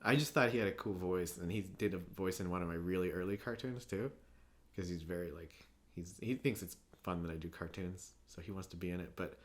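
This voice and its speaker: A man's voice: low-pitched, brisk. Young man telling rambling stories. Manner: rambling storyteller, filler-heavy, laughs often. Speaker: podcast guest, animator. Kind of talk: casual chat.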